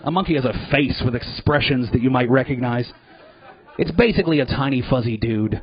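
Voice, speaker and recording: A man working a comedy club stage, talking in an average-pitched voice that swings between loose storytelling and sudden loud outbursts, with plenty of swearing. The live recording sounds dull and lo-fi, as if picked up from a stage mic. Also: a little fast, husky, some chatter behind. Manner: profane, animated, jumps into loud put-on voices. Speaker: stand-up comedian. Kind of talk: live stand-up routine.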